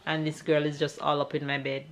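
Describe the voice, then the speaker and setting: A woman's voice: sits low, flat delivery, fairly quick. A Jamaican woman in her thirties chatting casually to her vlog camera at home, laughing often and playing with her toddler. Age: 30s. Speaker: family vlogger. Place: home bedroom.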